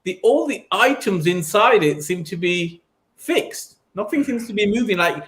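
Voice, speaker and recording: A man's voice: high voice, animated, unhurried, fairly bright tone. A man hosting a podcast in casual chat, teasing with faux-polite, mock-innocent questions. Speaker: podcast host.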